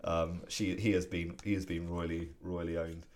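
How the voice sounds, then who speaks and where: This is a man with a very low, deep voice, talking in a relaxed podcast chat. He retells comic strips panel by panel, with animated delivery and bursts of laughter. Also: normal speed. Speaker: podcast co-host.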